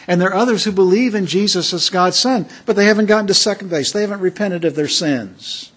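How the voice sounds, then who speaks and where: Husky-voiced male preacher, emphatic. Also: sits high, a little fast, a bit bright. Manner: emphatic, rhetorical questions to the congregation. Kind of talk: sermon. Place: church worship assembly.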